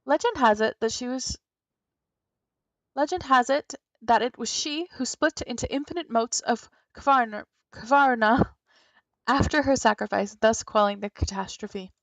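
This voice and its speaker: A woman's voice: a little high, unhurried, fairly bright tone, no room sound. A woman voicing a proud, grandiose female spirit guardian in a video game, speaking in a pompous, theatrical formal manner.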